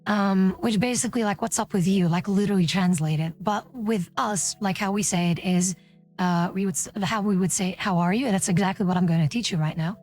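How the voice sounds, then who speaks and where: A woman's voice: medium pitch, a little fast, darkish tone. Woman streamer teaching her dialect, lots of um and like, faint music behind. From West Flanders, Belgium. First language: West Flemish. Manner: rambling, full of "um" and "like". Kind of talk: casual live-stream lesson.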